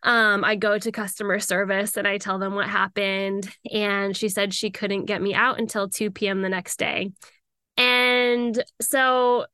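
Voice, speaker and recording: A young woman tells a personal story in a bright, crisp voice. She is candid and confessional, and she acts out the people she quotes. The sound is dry and close. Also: mid-range voice, flat delivery, a little slow, dry recording. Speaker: podcast host.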